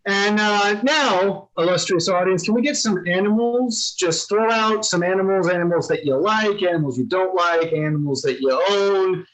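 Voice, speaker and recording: An upbeat host of an improv show, introducing the next game and calling on the audience for suggestions. The voice is mid-pitched and comes through a video call. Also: moderate pace, hardly any pauses, fairly bright tone, low-quality recording. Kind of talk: emcee asking the audience for suggestions.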